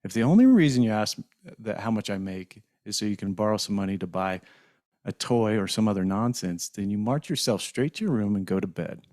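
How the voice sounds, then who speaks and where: A man's voice: fairly low pitch, animated, fairly quick, darkish tone, no echo, clean studio sound, natural voice. A man reading out the lines of a tired working father who scolds curtly. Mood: stern.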